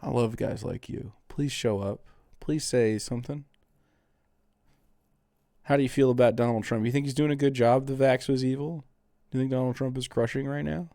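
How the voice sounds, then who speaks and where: A male streamer trading sarcastic, profane jabs with his chat. His voice sits at an ordinary pitch. The sound is dry and close. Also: steady tone, normal speed, mellow, no echo. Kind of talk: casual stream reaction chat.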